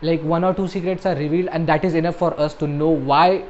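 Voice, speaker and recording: A young man talks through a film review in a chatty, joking way, with flat deadpan asides. His voice sits a little high. The recording sounds slightly dull, with faint room ambience behind him. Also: fast talker, slight background noise. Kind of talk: casual spoken film review.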